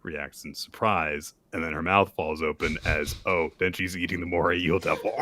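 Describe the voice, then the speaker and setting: A man co-hosting a podcast, casually recapping manga and acting out the characters' lines in an animated way. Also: low voice, normal speed, hardly any pauses. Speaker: podcast co-host.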